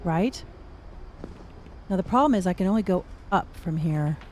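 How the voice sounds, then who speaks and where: A woman's voice: on the low side, lively intonation, normal speed, a little mellow, a little hiss or hum. A middle-aged woman giving casual gameplay commentary, chatty and thinking aloud with wry asides. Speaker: gaming streamer.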